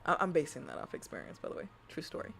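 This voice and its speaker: A woman streamer chatting casually in a soft ASMR style, rambling and giggly, often dropping into whispers. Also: low-pitched, wildly swooping pitch, rapid-fire, gravelly, soft background music.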